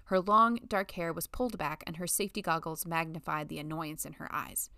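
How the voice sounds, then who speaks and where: A woman reading a novel as an audiobook narrator, in a measured storytelling manner. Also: deep voice, steady tone, pushed and bright, no room sound, clean studio sound. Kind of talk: scripted narration.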